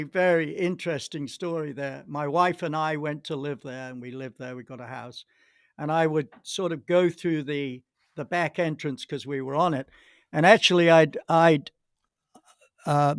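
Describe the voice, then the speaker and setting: A man's voice: a little high, smooth, no room sound, studio quality. An older man, a podcast guest, telling long rambling anecdotes with many restarts and acted-out quotes. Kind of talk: anecdotal storytelling.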